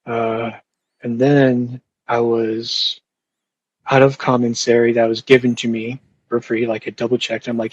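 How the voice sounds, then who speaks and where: A man's voice: mid-range voice, level tone, measured pace, breathy edge, highs cut off. A young man telling a rambling, profane story with lots of fillers and restarts in casual podcast talk. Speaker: podcast host.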